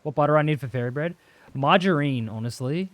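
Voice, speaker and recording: Swearing young Australian streamer. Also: male voice, a little high, a little fast, no echo. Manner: rambling, swears freely, answers chat. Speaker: livestreamer. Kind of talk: casual chat while gaming.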